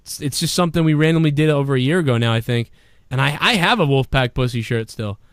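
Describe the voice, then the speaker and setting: A man hosting a live-streamed talk show, ranting profanely and swinging between a low grumble and loud shouting. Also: fast, smooth, no room sound, studio quality. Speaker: podcast host.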